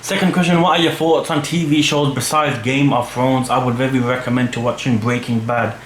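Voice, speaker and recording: A man's voice: medium pitch, steady tone, fairly quick. A young man, rambling casually in slang as he answers fan questions for his channel. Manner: slangy, rambling, full of "fam" and "you know what I mean". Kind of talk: casual chat. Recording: echoey room with faint hum.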